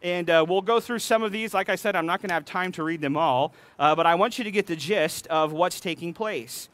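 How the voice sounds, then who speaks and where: A man's voice: sits high, brisk, fairly bright tone. A man preaching a sermon, retelling a scripture story with playful voiced dialogue between readings. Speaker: pastor.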